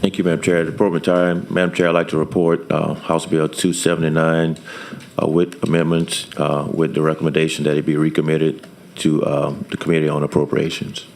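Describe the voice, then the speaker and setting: A man state representative making a formal motion at a committee hearing, measured and pausing with "uh". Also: extremely low pitch, monotone, creaky, darkish tone.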